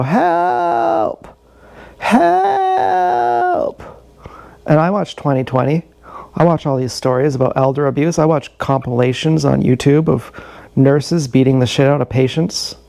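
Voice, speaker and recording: A man's voice: on the high side, creaky, mellow, no room sound. A man in his thirties telling a rambling, profane, confessional story in a casual livestream monologue. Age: 30s. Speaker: streamer. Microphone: action camera.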